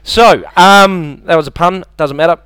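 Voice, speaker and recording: A man's voice: high-pitched, measured pace, a bit bright, smooth, dry recording. A man with a New Zealand accent doing a stand-up comedy set, chatty and self-mocking, slipping into silly impressions.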